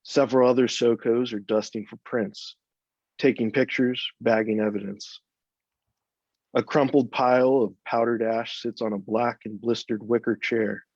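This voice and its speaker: A man, an author, reading his own first-person crime story aloud in an even, measured way. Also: medium pitch, no echo. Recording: dull, dry, lo-fi sound.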